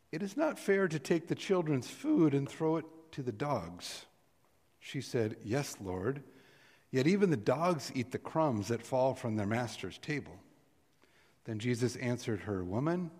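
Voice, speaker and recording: Middle-aged pastor in a reverberant sanctuary. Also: male voice, mid-range voice, darkish tone. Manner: earnest, swells with emphasis on key words. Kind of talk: sermon with scripture reading. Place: church sanctuary. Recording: long reverb of a church sanctuary.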